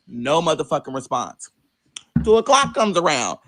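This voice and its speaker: A man telling a personal story in a casual, animated, profane way, jumping into high voices to act out what others said. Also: normal speed, no echo. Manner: animated, profane, acts out quoted voices with big pitch jumps.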